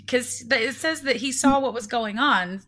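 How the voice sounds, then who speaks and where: A woman's voice: fairly high pitch, moderate pace. Southern woman reading a true crime case. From American South. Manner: reads case aloud then swears and jokes loudly. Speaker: podcast co-host. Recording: music bed underneath.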